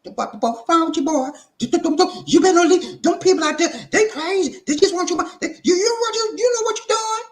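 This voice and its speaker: A man voicing a worried older aunt who scolds her nephew in a shrill, stammering way. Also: fast talker, hardly any pauses, echoey room. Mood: alarmed scolding.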